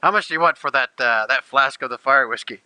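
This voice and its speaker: A man voicing a gruff, greedy male dwarf in a tabletop game, blustery and haggling. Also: mid-range voice, fast talker, pushed and bright, dry recording.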